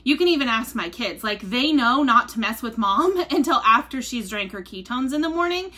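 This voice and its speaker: High, bright chatty mom vlogger. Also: female voice, expressive, normal speed. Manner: rambling storyteller, laughs often, digresses. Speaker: vlogger selling wellness drinks. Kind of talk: casual chatty livestream talk.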